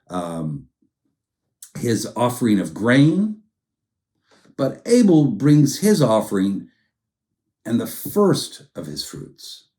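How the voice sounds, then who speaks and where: A man's voice: medium pitch, dark tone. A man preaching a sermon as pastor, telling a story in a conversational way and acting out quoted lines in different tones of voice.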